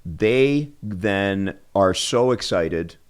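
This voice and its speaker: Animated man telling clinic stories. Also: on the low side, drawn-out words, smooth. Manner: animated, acts out patients' voices, restarts often. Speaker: spine surgeon guest. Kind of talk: storytelling in a podcast interview.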